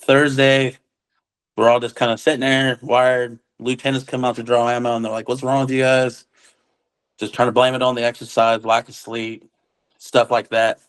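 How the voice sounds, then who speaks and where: A man's voice: medium pitch, moderate pace, smooth, poor audio. Man casually recounting a tale. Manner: acts out quoted dialogue, relaxed military slang. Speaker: witness recounting an encounter. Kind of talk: casual spoken storytelling.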